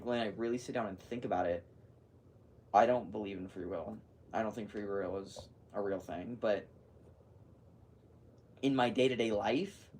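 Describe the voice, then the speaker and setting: Rambling teen guy vlogging from afar. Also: on the low side. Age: teens. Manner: rambling, heavy use of "like", animated retelling. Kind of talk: casual chatty vlog. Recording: distant mic with faint background noise.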